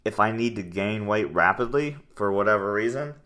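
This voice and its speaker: A young man co-hosting a casual fitness podcast, talking loudly in a rambling, teasing way. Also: lowish voice, expressive, normal speed. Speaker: podcast co-host, strength coach.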